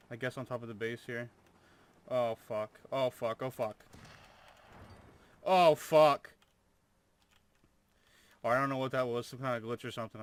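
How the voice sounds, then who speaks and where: A man's voice: medium pitch, a bit bright, clear, resonant tone. A young man commentating his own gameplay, full of over-the-top amazement and swearing. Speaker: gamer.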